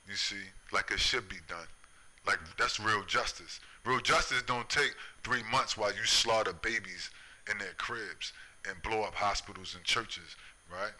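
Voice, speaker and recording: Fiery preachy man with a bright voice. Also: fairly low pitch, measured pace, poor audio. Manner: preachy, keeps asking "right?", builds to angry raised voice. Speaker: religious commentator. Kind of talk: impassioned religious commentary monologue.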